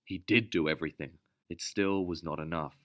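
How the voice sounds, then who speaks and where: Deep, bright-voiced male narrator. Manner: steady, measured storytelling. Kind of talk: scripted audiobook narration.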